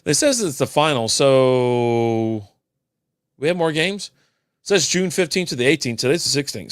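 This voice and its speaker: A man's voice: mid-range voice, expressive, normal speed, clear, resonant tone, dry recording. An older man hosting a casual solo beer podcast, telling rambling, profane stories with dry asides. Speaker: podcast host.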